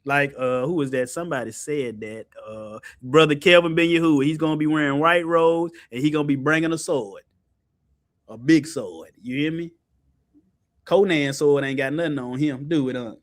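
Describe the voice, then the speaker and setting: High-pitched animated man teaching scripture. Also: moderate pace. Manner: lively, colloquial, jumps high in pitch for emphasis, laughs often. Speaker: teacher running an online Bible study. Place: online video call.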